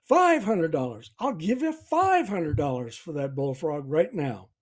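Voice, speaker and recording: A man's voice: on the high side, big pitch swings, a little slow, breathy edge, heavily acted. A man doing a pushy eager buyer. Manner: pushy, insistent. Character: eager man buying a bullfrog.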